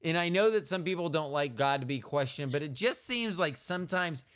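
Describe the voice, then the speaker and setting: Animated, rambling joking man. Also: a little high, a little fast, clear, resonant tone. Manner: rambling, jokey, playful. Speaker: podcast host. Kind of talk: casual chat.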